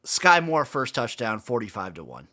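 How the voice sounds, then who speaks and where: An excitable man co-hosts a sports betting chat and swears freely. His pitch swings widely as he talks. His tone is bright and forward. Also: moderate pace. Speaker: co-host. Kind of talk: casual sports betting banter.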